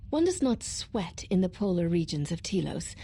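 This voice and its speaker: An actress voicing a stern, formal female warrior in a video game, speaking in measured, solemn lines. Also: on the low side, very animated, dark tone, a little hiss or hum. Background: game music.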